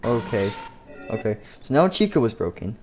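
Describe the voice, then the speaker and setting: A man casually narrating a game story in a rambling, halting way. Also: on the low side, big pitch swings, over music. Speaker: youtuber.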